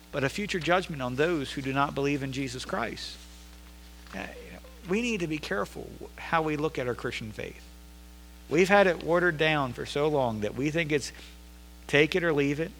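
A man preaching a sermon as pastor in a church, emphatic, building to loud insistent repetition. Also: fairly high pitch. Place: church sanctuary. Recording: long reverb of a large hall.

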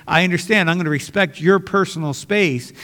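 A man's voice: high-pitched, brisk, sharp tone. Earnest preacher man in a reverberant hall. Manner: earnest, conversational preaching with frequent restarts. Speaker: pastor. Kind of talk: sermon.

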